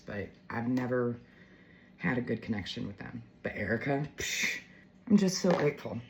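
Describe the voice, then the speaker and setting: A woman's voice: very deep voice, a little hiss or hum, poor audio. A woman in her forties telling a heartfelt story to her viewers in a chatty, emotional way, full of fillers. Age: 40s. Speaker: vlogger.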